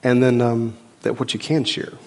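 A man, a pastor giving a folksy, emphatic sermon in church and swinging between loud and soft. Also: medium pitch, flat delivery, normal speed. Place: church sanctuary.

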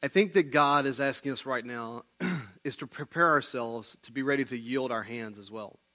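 A man preaching a sermon as pastor, conversational and animated, often saying "man, listen.". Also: medium pitch, moderate pace. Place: church building, online service.

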